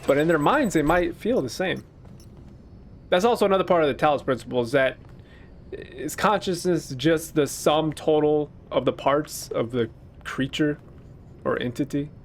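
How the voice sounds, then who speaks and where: A man's voice: fairly high pitch, normal speed, slight background noise. A man casually commentating a video game playthrough, musing and joking at himself. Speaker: gaming YouTuber. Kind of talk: let's play commentary.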